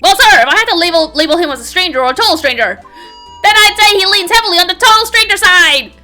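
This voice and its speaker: Lady putting on a jumpy young cop guy, yells everything with a "sir!" on the end, high and bright, faint music under it. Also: animated, fast, exaggerated voice. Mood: frantic, loud. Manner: shouts nearly every line, ends sentences with "sir!". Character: jittery young male police patrolman, excitable. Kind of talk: voice acting a game script aloud.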